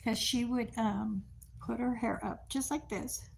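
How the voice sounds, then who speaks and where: A woman's voice: fairly high pitch, fairly even intonation, a little slow, gravelly, slight background noise. An older woman telling family stories on a livestream, laughing often and putting on the voices of her relatives. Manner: firm commands to a dog. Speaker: livestream host. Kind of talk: casual storytelling on a livestream.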